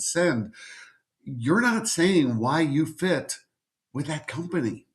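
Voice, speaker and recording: Middle-aged male agent, direct-to-camera teaching, insistent repeated phrasing, medium pitch. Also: a bit bright. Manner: emphatic, repetitive, speaks straight to the viewer. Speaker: literary agent giving advice. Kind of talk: direct-to-camera educational talk.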